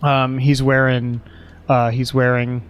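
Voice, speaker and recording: A man's voice: medium pitch, flat delivery, slow, muffled recording. A man narrating a tabletop game as game master, rambling with many fillers.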